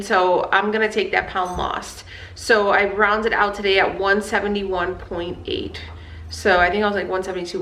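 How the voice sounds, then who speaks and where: A woman's voice: mid-range voice, pushed and bright, echoey room. A woman in her thirties chatting candidly as a vlogger, fired up, with lots of fillers and swearing. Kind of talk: casual chat.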